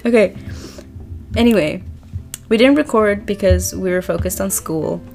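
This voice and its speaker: A woman's voice: medium pitch, measured pace, darkish tone, soft background music. A young woman chatting casually, self-mocking and swearing, before reading a story aloud. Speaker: story reader. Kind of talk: casual chat.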